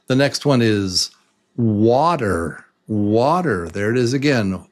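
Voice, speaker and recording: A man teaching English to beginners, saying words slowly and breaking them into beats in an encouraging, patient way. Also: mid-range voice, lively intonation. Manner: slow, drawn-out words broken into beats. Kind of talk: slow beginner lesson.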